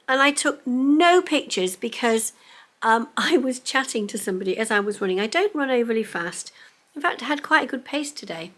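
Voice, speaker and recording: A middle-aged woman chats to camera at home in a casual vlog. She is friendly and excitable, and she often drops into a breathy whisper mid-thought. Her voice sits at an ordinary middle pitch. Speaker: vlogger. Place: home, indoors.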